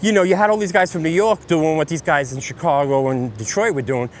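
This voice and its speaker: A man in his fifties with a Brooklyn accent, a DJ telling rambling, animated stories in casual talk outdoors on a city street. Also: on the high side, a little fast, slight background noise. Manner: rambling, animated storytelling with many fillers. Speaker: DJ guest. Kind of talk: casual interview on a walk.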